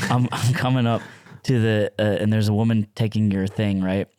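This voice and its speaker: A man's voice: lowish voice, moderate pace, smooth, dry recording, studio quality. A young man and podcast co-host telling a story in casual chat, laughing often and acting out what people said. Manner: animated, laughs often, acts out quotes.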